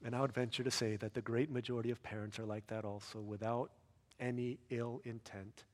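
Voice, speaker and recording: A man preaching a sermon as a pastor, earnest, rising to loud emphatic peaks and dropping soft and low. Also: long reverb tail.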